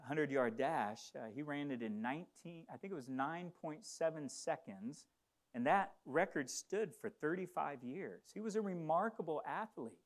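Male pastor, fairly high-pitched, preaching with fervor and call-and-response. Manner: impassioned, call-and-response with the congregation. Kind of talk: sermon with storytelling.

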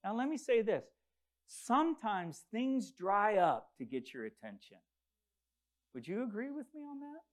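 A man preaching a sermon as pastor, leading the church in call and response and swinging between loud declarations and low, hushed lines. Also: big pitch swings, measured pace. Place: church sanctuary.

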